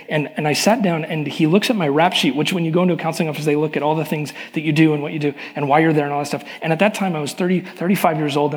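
A middle-aged male pastor giving a sermon, telling personal stories in a candid, confessional way. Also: a little high. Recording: long hall reverb.

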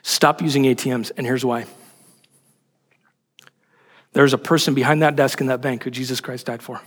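A man preaching a sermon in an animated, emphatic way, asking rhetorical questions. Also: mid-range voice, normal speed, breathy edge, in a large hall. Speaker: pastor.

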